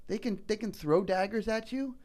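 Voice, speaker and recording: A middle-aged man telling personal stories in a casual podcast chat, earnest and animated, often saying "man" and "you know". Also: high-pitched, normal speed. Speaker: political candidate guest.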